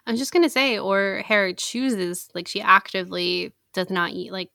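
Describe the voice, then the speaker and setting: A woman's voice: mid-range voice, normal speed, creaky, sharp tone, dry recording, studio quality. A woman co-hosting a podcast in casual chat, chatty and hedging with lots of fillers. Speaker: podcast co-host.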